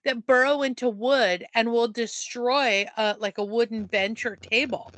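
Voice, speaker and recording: A woman co-hosting a podcast in casual chat, a playful and animated storyteller. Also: fairly high pitch, a little slow, no echo. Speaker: podcast co-host.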